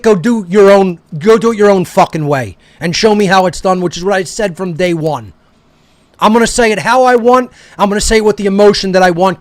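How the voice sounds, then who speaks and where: High-pitched man in a profane, angry rant. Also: no room sound. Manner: heated, profane, confrontational. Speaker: talk show host. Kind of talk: angry ranting monologue.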